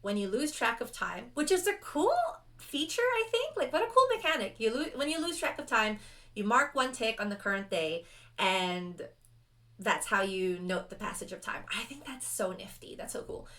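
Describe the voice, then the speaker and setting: Young woman, chatty, tangent-prone, animated, self-deprecating, solo tabletop roleplay chat. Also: on the high side, normal speed. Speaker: solo roleplayer and video host. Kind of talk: casual actual-play chat.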